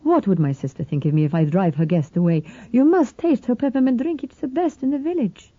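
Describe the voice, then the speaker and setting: A woman voicing a burly, genial Greek man in his late forties who speaks with a Greek accent in a smooth, ingratiating way. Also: a little high, fairly quick, no echo, phone-quality sound, pitched above the performer's own voice, lightly acted.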